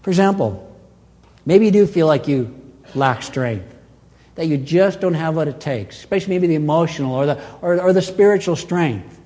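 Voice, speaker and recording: Animated preaching man in a reverberant hall. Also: on the high side, moderate pace. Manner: animated preaching with dramatic swings in loudness and pace. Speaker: pastor. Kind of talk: sermon.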